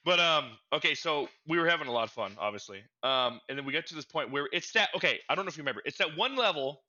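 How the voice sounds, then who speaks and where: A young man co-hosting a casual gaming podcast, telling stories in an animated, stammering way and getting loud when excited. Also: fast, lo-fi sound. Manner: animated storytelling, gets loud and high when reliving frustration. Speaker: podcast co-host. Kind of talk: casual chat.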